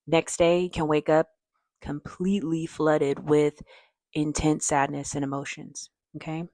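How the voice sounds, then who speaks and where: A woman's voice: low voice, level tone, a little slow, mellow, no room sound, clean studio sound. A woman therapist giving direct, emphatic advice to camera, often checking in with "okay?". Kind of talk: casual advice talk to camera.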